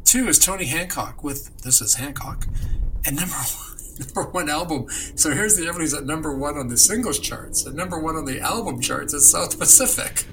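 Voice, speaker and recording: A man from Canada co-hosting a casual chat about music history, enthusiastic and quick to laugh. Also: on the high side, expressive, noisy background. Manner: enthusiastic, storytelling, laughs often. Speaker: co-host.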